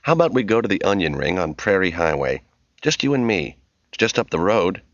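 A man's voice: sits low, sing-song, fairly quick, no echo. A man voicing a harried divorced father who keeps his temper in check, in an audiobook reading. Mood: strained. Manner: restrained, exasperated, teasing. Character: harried divorced father, patient but strained. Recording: dull, muffled audio.

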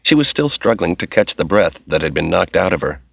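A man giving steady, measured scripted narration of a novel, in a dull, lo-fi audiobook recording. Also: low-pitched, vocal fry, slightly rough, dry recording.

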